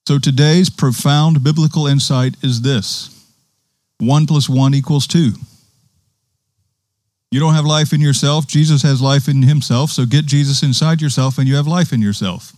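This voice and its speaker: A man's voice: mid-range voice, fairly even intonation, moderate pace, darkish tone, no room sound. A man preaching a sermon in a conversational way, quoting scripture with emphasis.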